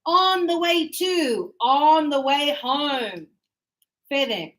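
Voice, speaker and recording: A woman's voice: high-pitched, expressive, drawn-out words, a bit bright, poor audio. A woman teaching an English grammar class, chatting loosely and telling stories from her own life. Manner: chatty, tells anecdotes, repeats words. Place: classroom in Sydney.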